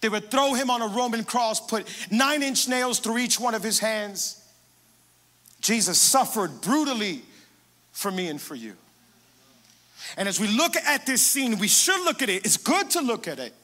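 A man pastor preaching a sermon, emphatic, moving between hushed passages and loud, rising declarations. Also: extremely high pitch, lively intonation, moderate pace, in a large hall.

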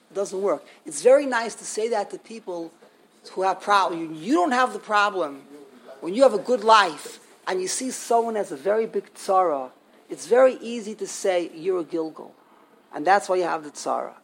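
A man's voice: high voice, animated, normal speed, husky, low-quality recording. An older man giving an informal Torah class, emphatic and indignant, repeating himself for stress. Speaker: Torah teacher.

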